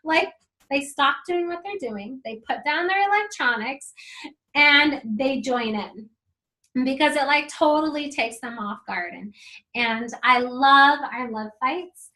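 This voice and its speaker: Middle-aged woman host, earnest and encouraging, a bit high, casual to-camera talk. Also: lively intonation, slow, bright, forceful tone, low-quality recording. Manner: earnest and encouraging, many fillers. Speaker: host of a marriage video series.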